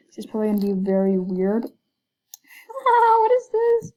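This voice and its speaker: A woman's voice: mid-range voice, wildly swooping pitch, normal speed, long pauses, warm tone, rough recording. A woman giving hesitant, casual commentary while playing a video game, full of fillers and whispered asides. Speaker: gaming video creator.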